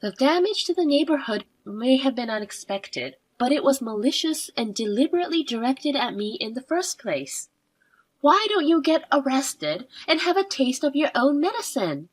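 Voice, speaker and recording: A young woman narrating her own drama story in the first person, cool and cutting when she confronts someone, calm in narration. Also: high-pitched, a little slow, poor audio. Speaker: narrator and protagonist.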